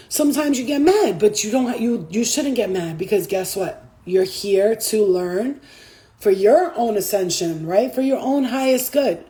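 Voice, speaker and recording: A woman's voice: mid-range voice, warm tone. A woman in a casual spiritual vlog, talking loosely and with lots of swearing, often laughing and acting out voices as she tells her story. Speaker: spiritual reader.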